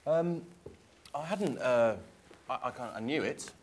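A man's voice: medium pitch, unhurried, darkish tone, slight background noise. A man, an actor, speaking on a stage panel in a hesitant, thoughtful way with many fillers. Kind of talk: panel discussion.

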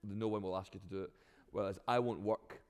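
A man with a Glaswegian accent, an actor answering interview questions in an animated way, often restarting his sentences. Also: lowish voice, brisk, big-room sound.

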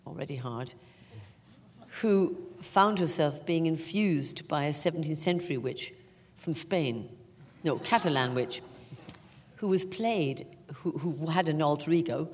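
A woman's voice: sits low, measured pace, husky. An older Irish woman, an actress, telling self-mocking stories with lots of laughter in a stage interview. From Ireland. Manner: animated, self-mocking storyteller with frequent laughter. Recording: long hall reverb.

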